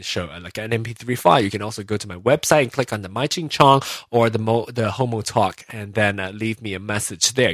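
Brief: male solo podcaster, rambling and self-deprecating, mid pitch, dry close mic. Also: fairly bright tone, no echo. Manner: rambling and self-mocking, many fillers and restarts. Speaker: podcast host. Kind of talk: casual solo podcast chat.

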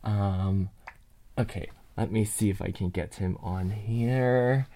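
A man's voice: lowish voice, slow pace, mellow. A man chatting and rambling live from his bed into a binaural mic, laughing often and swearing casually. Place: bedroom, in bed. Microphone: binaural mic on a computer.

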